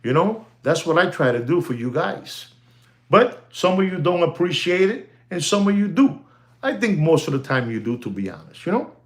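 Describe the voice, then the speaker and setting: A man's voice: on the high side, moderate pace. Chatty man full of "you know"s. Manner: chatty and animated, constantly saying "you know", drops into Spanish phrases. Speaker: watch market commentator. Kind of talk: casual talking-to-camera commentary.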